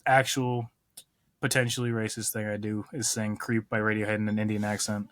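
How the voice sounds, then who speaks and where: Bright, laughing young comedian man. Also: on the low side, level tone, fairly quick, no room sound, clean studio sound. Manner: rambling, self-mocking, laughs often. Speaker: comedian guest. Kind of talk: casual podcast chat.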